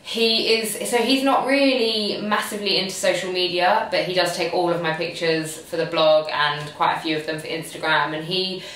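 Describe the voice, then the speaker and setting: A young woman with a slightly low voice rambles happily through viewer questions, leaning on "um" and "like". Her voice sits back from the mic and rings around a strongly echoing room. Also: steady tone, moderate pace, hardly any pauses, fairly bright tone, a little hiss or hum. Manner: chatty and gushing, full of "um" and "like" fillers. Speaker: lifestyle and fitness blogger. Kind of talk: casual Q&A vlog. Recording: very echoey room, voice far from the mic.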